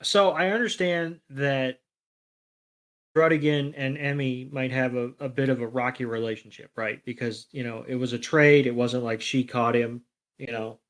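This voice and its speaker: A man's voice: medium pitch, normal speed. A man co-hosting a podcast, chatting casually and retelling scenes by acting out the characters' lines. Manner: relaxed storyteller, acts out characters' lines. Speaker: podcast co-host. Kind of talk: casual chat recapping a cartoon episode.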